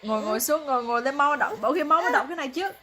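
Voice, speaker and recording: A woman's voice: sits high, expressive, very fast, sharp tone. A woman whose first language is Vietnamese, a mother playing a bedtime game with her toddler, coaxing, playful and laughing often as she switches between two languages at home.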